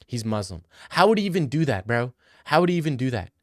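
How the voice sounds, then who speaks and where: Animated young man riffing crudely. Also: mid-range voice, dry recording, studio quality. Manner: rambling, crude, quick to laugh.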